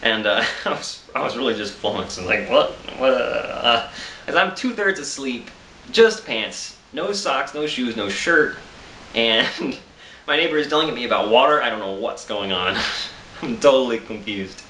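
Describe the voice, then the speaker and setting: A man's voice: mid-range voice, expressive, measured pace, sharp tone, roomy sound, a little hiss or hum. A tired man telling a rambling, self-amused story in a casual vlog, with frequent laughs and restarts. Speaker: vlogger.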